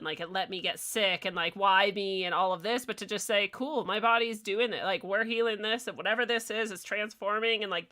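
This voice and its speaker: Woman host, bright tone, casual chatty delivery. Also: mid-range voice. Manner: casual, peppered with "like". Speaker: podcast host. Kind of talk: casual interview chat.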